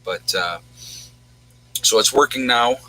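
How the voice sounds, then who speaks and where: A man's voice: mid-range voice, slow, bright, forceful tone, poor audio. A man hosting a casual livestream, chatting in a rambling way and answering viewers' questions. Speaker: livestream host.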